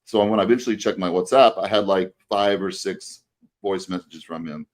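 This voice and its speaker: A man with a low voice tells a story on a podcast, looping back through fillers and false starts. His delivery is loose and conversational, a co-host talking with a friend. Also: brisk. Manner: rambling anecdote with many fillers and restarts. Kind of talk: casual storytelling chat.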